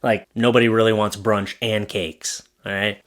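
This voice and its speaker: A man's voice: on the low side, little pitch movement, moderate pace, few pauses, fairly bright tone. A man in his thirties giving jokey, sarcastic commentary on bad advertising signs, talking straight to viewers. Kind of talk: comedic commentary on funny signs.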